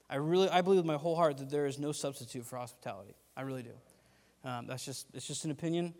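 A man preaching a casual, rambling sermon, self-deprecating and growing animated as he tells stories. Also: fairly high pitch, fast talker. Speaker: pastor. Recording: long hall reverb.

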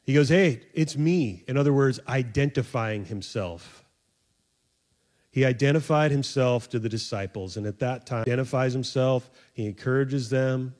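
A man preaching a sermon in a conversational, joking way, acting out voices and laughing at himself. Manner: animated, acts out voices of the disciples with sudden high squeaks. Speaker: pastor.

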